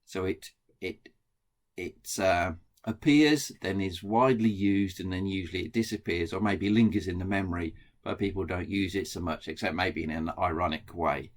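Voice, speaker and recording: A man's voice: deep voice, moderate pace. A middle-aged man with a Black Country accent, explaining his research in a plain lecture with frequent ums and restarts. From England. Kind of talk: recorded lecture.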